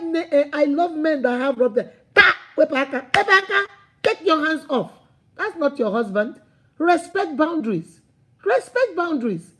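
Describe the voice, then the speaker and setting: A woman's voice: high voice, darkish tone. A woman with a Nigerian accent hosting a live advice stream, outspoken, scolding and humorous. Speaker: host.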